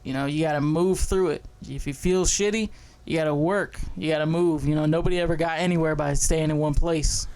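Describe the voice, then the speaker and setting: A man's voice: a little high, fairly even intonation, brisk, hardly any pauses, a little mellow, clear, resonant tone. Laid-back, foul-mouthed young male podcast host. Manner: laid-back, profane, laughs easily. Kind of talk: casual podcast chat.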